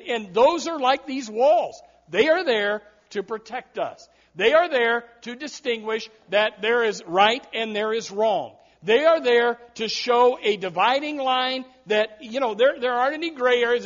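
A man's voice: extremely high pitch, a bit bright, muffled recording. A man preaching a sermon in an emphatic style, often repeating and restarting his words. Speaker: pastor.

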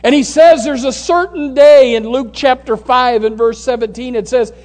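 A man preaching as a pastor, swinging from loud, rising calls down to near-whispers. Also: very high voice, expressive, normal speed, few pauses. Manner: preaching with sudden loud rises and hushed drops. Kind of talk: sermon.

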